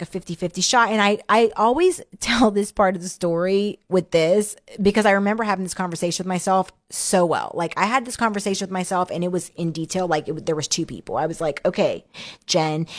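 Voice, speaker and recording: A woman telling her own story in casual chat, candid and matter-of-fact, poking fun at herself. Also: medium pitch.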